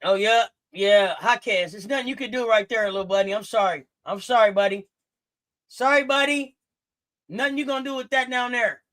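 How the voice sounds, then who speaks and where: A woman hosting a live game watch-along, talking casually in slang, reacting loudly and shouting encouragement at the players. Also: on the high side, moderate pace. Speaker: sports stream host.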